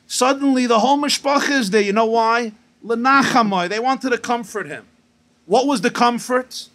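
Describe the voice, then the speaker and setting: A rabbi preaching at a gathering with a lively storyteller's delivery. His voice sits high for a man, and he sprinkles Hebrew and Yiddish terms through his jokes and teaching. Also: normal speed.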